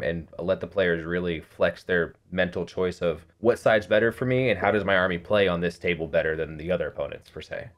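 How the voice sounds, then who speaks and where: A man's voice: sits low, a bit bright. A man guest on a gaming podcast, chatting casually and earnestly about playing in a tournament, a little self-deprecating. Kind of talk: casual roundtable chat.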